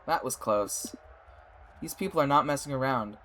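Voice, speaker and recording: A man's voice: medium pitch, normal speed, pushed and bright, a little hiss or hum. A man playing a video game, reading lines aloud and talking to himself in a mild, earnest way. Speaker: gaming streamer. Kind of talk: let's-play narration and character reading.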